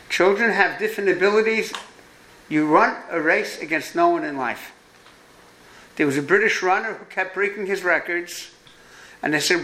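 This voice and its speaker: A New York man with a high, sharp voice and a New York accent gives a parenting lecture to an audience. He is emphatic, repeats his key points, and adds jokey asides, and the recording is rough.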